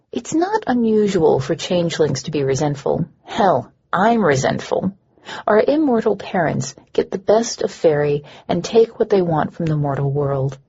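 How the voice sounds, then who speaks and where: A woman reads a first-person audiobook with a dry, wry edge. Her voice is low and breathy-husky. The recording sounds dull and lo-fi. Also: mellow. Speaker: audiobook narrator.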